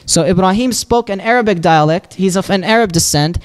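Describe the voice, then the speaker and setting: A man's voice: high-pitched, clear, resonant tone. A man teaching a religious lesson, explaining step by step and answering his own questions. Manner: recites Arabic supplication quickly and softly. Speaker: Islamic teacher.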